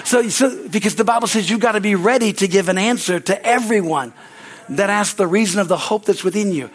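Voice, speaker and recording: High-voiced man preaching a sermon. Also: a little fast, husky. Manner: rambling, repeats words, calls out amen. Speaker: pastor.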